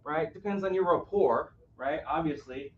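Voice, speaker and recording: A man with a fairly high voice speaks at a moderate pace, with a little hiss or hum in the background. He is running a live, interactive caregiving workshop for an audience on a cruise ship, drawing people in with questions and saying "right?" a lot. The audio sounds roomy, distant and dull.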